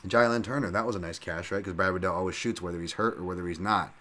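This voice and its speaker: A man's voice: low voice, fairly even intonation, quick pace, bright, forceful tone. A male podcast host giving a casual, rambling fight-betting breakdown, full of fillers, restarts and casual swearing.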